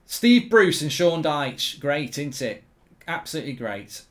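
A middle-aged man commentating on his own football video game, grumbling and swearing one moment and yelling the next. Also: a little high, sing-song, measured pace. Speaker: gaming streamer. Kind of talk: live gameplay commentary.

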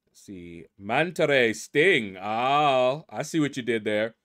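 A middle-aged man talks through a game leaderboard in a relaxed, unhurried way, pausing to puzzle over odd player names. His voice rises and falls a lot as he reacts. He stays easygoing and chatty throughout. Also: mid-range voice. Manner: laid-back, muses aloud, stumbles over names. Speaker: gaming channel host. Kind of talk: casual commentary reading leaderboard names.

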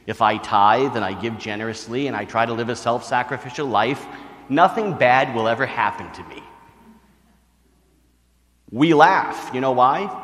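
A man's voice: medium pitch, a bit bright, in a large hall. A male priest giving a retreat sermon, telling stories and asking his listeners questions. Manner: storytelling, talks to the crowd with questions.

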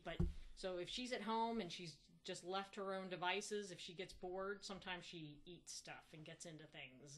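Bright-voiced woman telling stories haltingly. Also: lowish voice. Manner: halting, many restarts, animated when mimicking. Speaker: interviewee. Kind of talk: casual storytelling interview.

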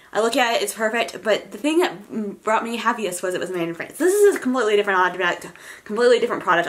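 A young woman vlogger gushing and rambling excitedly about her shopping haul, with many fillers and asides. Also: mid-range voice. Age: young adult. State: college freshman. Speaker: beauty vlogger. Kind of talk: casual haul vlog.

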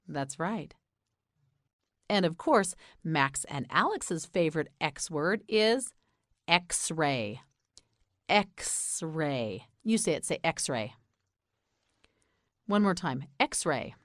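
This scripted beginner pronunciation lesson comes from an American woman who speaks very slowly and clearly, her voice a little low yet expressive and fairly bright. Each word gets careful, slow repetition before she invites the listener to repeat it. The sound is close and dry.

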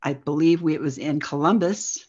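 A woman's voice: deep voice, a little mellow, husky. Woman telling her story over dull lo-fi audio. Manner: halting storytelling with frequent "like". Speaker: guest. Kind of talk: recounting a personal experience.

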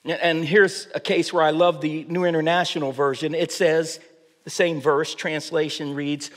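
High-voiced man preaching in church reverb. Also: level tone, normal speed, a bit bright. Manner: preaching with repeated restarts. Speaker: pastor. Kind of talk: sermon. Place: church sanctuary.

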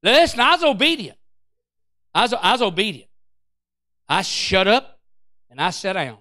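A preacher man tells a story from the pulpit, his voice high and bright. He acts out every quote with big swings, breaking off to call out to his church. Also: normal speed, dry recording, clean studio sound. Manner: animated, acts out quotes, Pentecostal call-outs. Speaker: pastor. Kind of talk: storytelling sermon.

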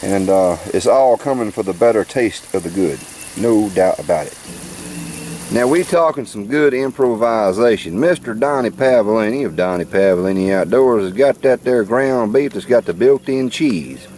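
With lively intonation, a low, darkish voice, and a moderate pace, a man films his outdoor campout and jokingly presents the food to camera. The folksy show-and-tell has a bit of hiss or hum.

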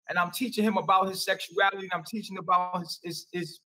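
A man's voice: high-pitched, fairly even intonation, fast, few pauses, pushed and bright, far from the mic, poor audio. A man answering questions on a call, rambling and repeating himself defensively. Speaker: interview guest.

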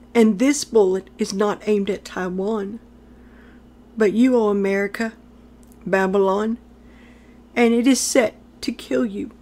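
A woman with a fairly high, darkish-toned voice delivers a prophetic message. She speaks solemnly and declaims, repeating phrases for emphasis.

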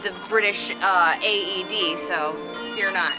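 A woman's voice: medium pitch, fairly even intonation, a little slow, over loud music, rough recording. A woman chatting in an upbeat way during a family vlog. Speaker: vlogger. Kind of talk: casual family vlog chat.

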